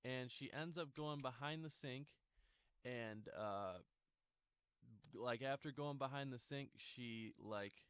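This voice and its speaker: A man's voice: medium pitch, slow pace, a bit bright, clean tone, dry recording. A young man telling a casual storytime, rambling with lots of fillers and restarts.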